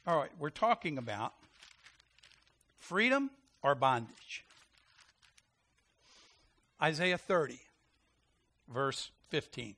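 A man preaching a sermon, animated, quick to laugh and calling out questions to his congregation. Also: on the high side. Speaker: pastor.

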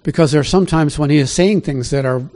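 Speaking fast in a fairly high voice with a dark tone, a male pastor delivers Bible teaching in a conversational sermon. Along the way he reads scripture aloud and poses questions to his audience.

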